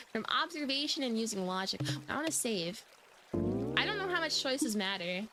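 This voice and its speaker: A woman's voice: fairly high pitch, sing-song, normal speed. A young woman casually streaming a horror game, giggling and reading the game's text aloud. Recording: game music behind.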